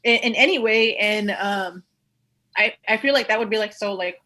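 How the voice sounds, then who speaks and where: A woman guest on a podcast talks casually, her speech full of fillers. Her voice is bright. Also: mid-range voice, moderate pace. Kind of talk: casual conversation.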